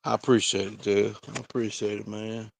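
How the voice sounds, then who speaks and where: Man, kennel owner, easygoing, gravelly, outdoors. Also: on the low side, little pitch movement, normal speed, no room sound. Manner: easygoing, chatting with his dogs. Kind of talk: casual vlog chat.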